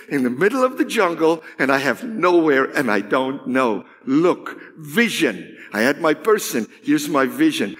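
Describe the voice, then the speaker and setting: A man preaches in a high, lively voice that climbs and falls dramatically. He takes his time, lingering over words before sinking into hushed tones. The long reverb of a big hall trails behind him. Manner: impassioned, swinging from loud high declarations to hushed, drawn-out words. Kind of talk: sermon. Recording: echoey hall.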